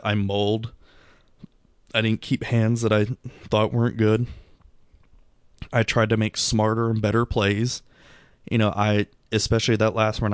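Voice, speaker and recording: A man's voice: on the low side, smooth, dry recording, studio quality. A middle-aged man talking through a long night in a rambling, self-critical monologue, tired and subdued, with many restarts and fillers. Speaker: vlogger. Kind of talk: reflective casual monologue.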